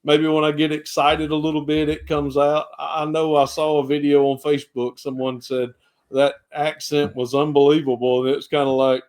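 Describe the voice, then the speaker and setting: Folksy Southern pastor, thick Georgia drawl. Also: male voice, a little high, flat delivery, moderate pace, a little mellow. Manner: folksy, rambling, with country sayings. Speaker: pastor and guest. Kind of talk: casual podcast interview.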